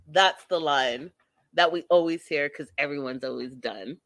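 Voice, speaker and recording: A woman hosting a casual live-stream recap of a reality show, talking to viewers in a sassy, animated, exasperated way. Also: sits low, a little slow, no room sound.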